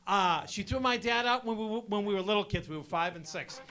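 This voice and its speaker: A man doing stand-up comedy on stage, loud and punchy, talking to the crowd as folks. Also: sits high, brisk. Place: stage before a live audience.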